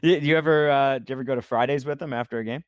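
A radio host puts brief, prompting questions to his guest in a voice of ordinary pitch. The sound is dry and close, with no room around it. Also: fairly even intonation, racing, dry recording. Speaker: radio interviewer. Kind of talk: interview questions.

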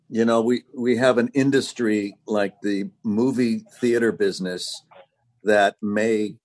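A man's voice: medium pitch, a little mellow. Wry man in casual chat.

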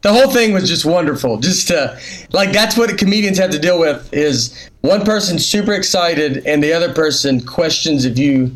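A man's voice: on the high side, animated, moderate pace, rough recording. A man who is a comedian, guesting on a podcast in casual, easygoing chat.

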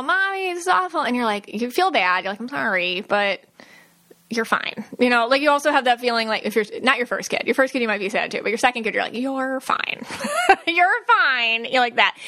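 A woman's voice: a little high, bright, forceful tone. A woman hosting her own podcast as a psychic medium, talking casually with many fillers and acted-out quotes. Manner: chatty, lots of fillers and quoted asides. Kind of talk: casual solo podcast talk.

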